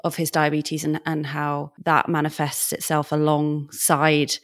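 A woman hosting a podcast, asking the guest gentle, searching questions. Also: deep voice, completely flat delivery, measured pace, no room sound, studio quality. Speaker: podcast host. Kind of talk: interview questions.

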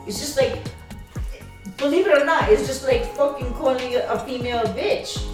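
A woman co-hosting a casual podcast chat, telling animated stories, laughing often and swearing freely. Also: high voice, moderate pace. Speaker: podcast co-host. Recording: echoey distant mic with background music.

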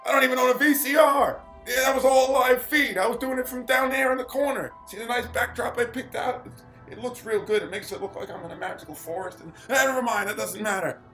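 A man's voice: extremely high pitch, fast talker, pushed and bright, rough recording. A man voicing a crude, scheming, dying old rich father in a comedic audio drama, vulgar and gleefully villainous. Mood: gloating. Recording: music behind.

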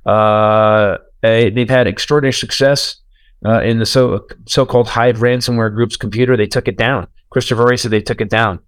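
Brief: profane, animated American man riffing on politics, dry close-miked voice. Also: mid-range voice, moderate pace, smooth, no room sound. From United States. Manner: animated, profane, swings loud for emphasis. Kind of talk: casual political chat.

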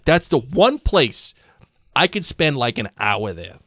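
A man's voice: mid-range voice, slow, no room sound, clean studio sound. A man co-hosting a podcast, chatting casually, reading listener emails aloud and joking often. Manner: joking, animated, laughs often. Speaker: podcast co-host.

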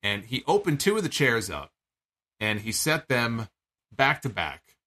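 A man with a bright, forceful voice talks through a wrestling match in a loose, unscripted recap. He is animated and incredulous, swears freely, and stumbles over restarts and fillers as he goes. His pitch sits in an ordinary middle range. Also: unhurried. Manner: animated, profane, incredulous storytelling. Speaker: wrestling show reviewer. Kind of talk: casual spoken recap.

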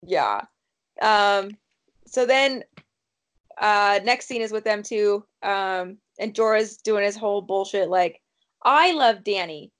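A woman's voice: mid-range voice, slow, clear, resonant tone. A woman in casual chat, recapping a TV episode and acting out the characters' lines with lots of laughter. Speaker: podcast co-host recapping a TV episode.

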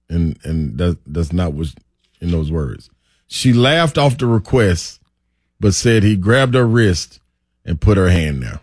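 A man's voice: lowish voice, animated, slow pace, darkish tone, breathy edge, dry recording. A man, co-hosting sports radio in colloquial, laughing banter at a studio microphone.

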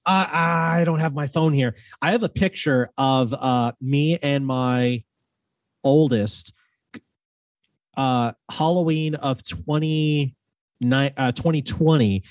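A man's voice: fairly high pitch, slow pace, no echo, recorded from a distance. A man in his thirties chatting casually as a podcast guest, telling stories with lots of acted-out quotes. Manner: animated storyteller, acts out quotes. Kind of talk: casual chat.

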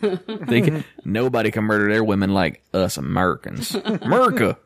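A man's voice: fairly low pitch, normal speed, no echo, clean studio sound. A man co-hosting a podcast, joking around in casual chat. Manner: joking, animated, puts on silly accents. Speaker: podcast co-host.

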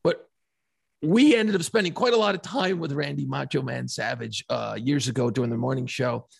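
A man co-hosting a podcast, a lively storyteller who laughs often and swears freely in casual chat. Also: mid-range voice, normal speed, vocal fry, slightly rough, no room sound, studio quality. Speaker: podcast co-host.

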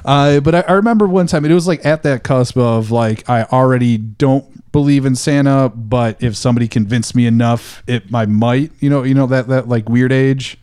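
A man in a casual group chat, chatty and quick to laugh, often restarting his sentences. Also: medium pitch, a little mellow, smooth.

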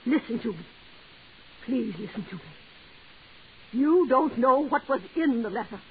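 An actress playing a jealous, desperate wife who pleads in a breathless, overwrought way, in 1940s radio acting style. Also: female voice, on the high side, lively intonation, a little slow, breathy edge, exaggerated voice. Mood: pleading. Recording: tinny old radio broadcast with hiss.

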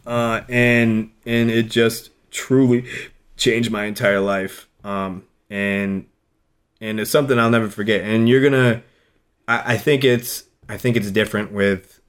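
A man's voice: fairly low pitch, little pitch movement, measured pace, smooth. A man in his thirties co-hosting a podcast, talking in a rambling, emotional way with many restarts. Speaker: radio host, podcast co-host. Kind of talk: casual podcast chat.

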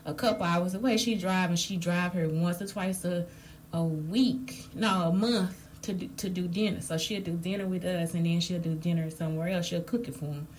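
A woman's voice: fairly low pitch, fairly even intonation, moderate pace, a little hiss or hum, rough recording. Blunt, profane woman ranting to viewers. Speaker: vlogger telling a story. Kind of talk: casual storytime rant.

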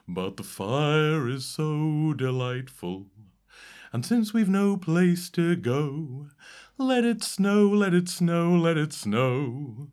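Slow a cappella male singer. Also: on the high side, a little mellow. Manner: slow, drawn-out unaccompanied singing. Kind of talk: a cappella song.

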